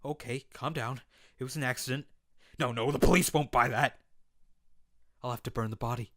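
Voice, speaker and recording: A man voicing a violent male puppet husband who shouts and then panics in a rush. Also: mid-range voice, normal speed, no room sound, studio quality, voice pushed down, lightly acted. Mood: panicked.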